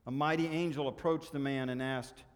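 Man, preacher, sermon, earnest, exhorting, medium pitch, long church reverb. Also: fairly even intonation, normal speed. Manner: earnest, exhorting, dropping softer on key points. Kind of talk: sermon with story reading.

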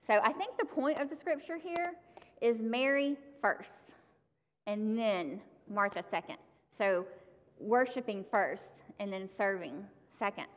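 A woman's voice: medium pitch, lively intonation, measured pace, lo-fi sound. A woman giving a sermon, talking to the congregation in a conversational way and addressing them directly. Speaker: preacher. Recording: long hall reverb.

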